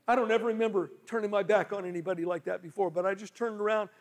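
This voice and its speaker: A male pastor preaching a sermon, telling stories and shifting from loud pleading to low murmurs. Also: fast talker. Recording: long hall reverb.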